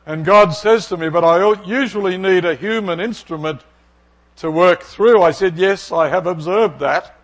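A middle-aged man preaching a sermon from the pulpit. His voice sits a bit high for a man, and he tells a personal story with animation, acting out the conversation in it. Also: moderate pace. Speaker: pastor.

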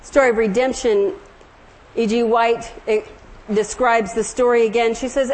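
A middle-aged woman from the American South preaching a sermon, telling stories gently and slowing down on scripture and hymn lines. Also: fairly high pitch, fairly even intonation, slight background noise, poor audio. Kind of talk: sermon with storytelling.

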